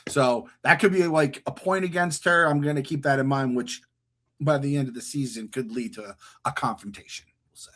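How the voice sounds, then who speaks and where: A man co-hosting a podcast, recapping TV episodes in casual chat, animated and jokey, often swearing. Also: medium pitch, brisk. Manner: swears freely, jokey asides. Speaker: podcast co-host.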